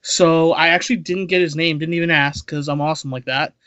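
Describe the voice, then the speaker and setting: A man's voice: a little high, steady tone, a little fast, a bit bright, no room sound, muffled recording. A man who is a podcast regular, telling a casual anecdote with a self-deprecating edge.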